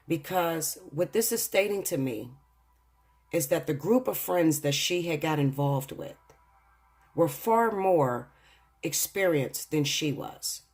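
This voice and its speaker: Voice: mid-range voice, animated, takes it slowly, husky. A tarot reader giving an earnest spiritual reading and speaking straight to viewers, emotional and fighting back tears at times. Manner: earnest, addresses viewers directly.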